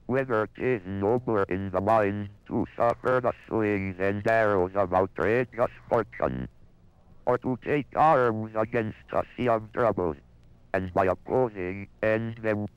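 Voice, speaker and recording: A vintage computer talks in a male voice, very slow and with a flat electronic twang. Its tone is unusually smooth and clean but dry, and it comes through a dull, lo-fi archival recording. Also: lowish voice, dry recording. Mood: solemn. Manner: slow, deliberate, mechanical delivery. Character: early male computer speech synthesizer.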